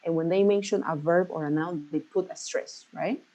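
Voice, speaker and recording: A woman's voice: fairly low pitch, steady tone, normal speed, warm tone, poor audio. A woman teaching an English class, patiently explaining stress and checking in with her students again and again. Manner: patient, checks in often with "right?".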